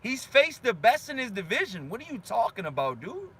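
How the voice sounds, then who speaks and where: A man's voice: very high-pitched, huge pitch swings, fairly quick, few pauses, bright, forceful tone, breathy edge. A male boxing channel host ranting at viewer comments, fired-up and slangy, repeating himself for emphasis. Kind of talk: heated rant answering viewer comments.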